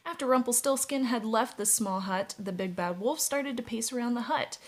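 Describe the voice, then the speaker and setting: A woman vlogger reading a children's story aloud in a lively storytelling way. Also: mid-range voice.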